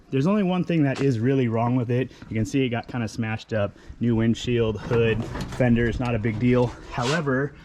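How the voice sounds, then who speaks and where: A young California man with a mid-range voice, recorded with a little hiss or hum, films a casual walkaround vlog of a wrecked car he plans to rebuild. The car vlogger is upbeat and enthusiastic, talks with his hands, and fills his speech with "um" and "like."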